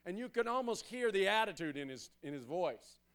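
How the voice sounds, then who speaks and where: A man preaching a sermon as pastor, emphatic and repetitive, building to loud exhortations. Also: high-pitched, very animated, a little fast, clean tone.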